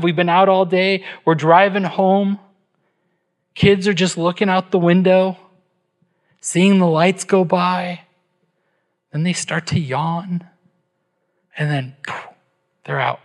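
Slow, high-voiced preacher man. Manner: emphatic, rhetorical questions, tag "right?". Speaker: pastor. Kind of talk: sermon.

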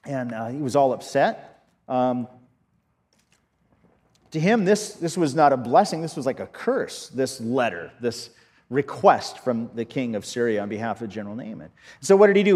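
A man preaching a sermon as pastor, earnest and halting, often restarting his sentences. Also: fairly high pitch, expressive, a little mellow, in a large hall.

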